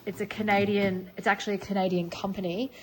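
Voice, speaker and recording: A middle-aged woman chatting casually in a vlog, gushing excitedly over her finds. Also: mid-range voice, quick pace, slight background noise, rough recording. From Australia. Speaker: vlogger. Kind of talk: casual chat.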